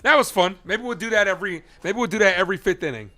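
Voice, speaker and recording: A man hosting a live baseball stream, chatting casually with viewers while calling the pitches in an animated way. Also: fast talker, faint music behind. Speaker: live play-by-play streamer and host.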